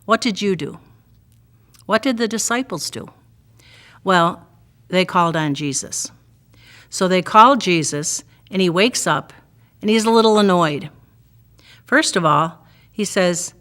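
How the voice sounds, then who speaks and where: A woman's voice: fairly low pitch, unhurried, long pauses, fairly bright tone. A Catholic sister giving a devotional gospel reflection, retelling the story vividly and asking her listeners direct questions.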